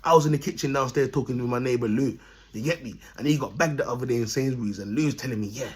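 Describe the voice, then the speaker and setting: A man's voice: medium pitch, fast, a little mellow, breathy edge. A man talking streetwise to his viewers in a rambling, preachy monologue. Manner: preachy, streetwise, keeps addressing "people". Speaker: vlogger.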